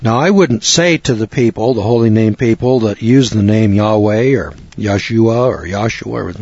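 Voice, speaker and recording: A man's voice: on the low side, normal speed, darkish tone, no echo, dull audio. An older American man giving informal, rambling Bible teaching in a folksy manner with frequent restarts. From United States.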